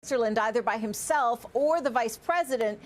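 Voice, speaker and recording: A woman reporter talks through diplomatic developments in a measured, analytical way, pausing on fillers as she works through her points. Her voice sits a little higher than most women's. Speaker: news reporter. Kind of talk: live news analysis.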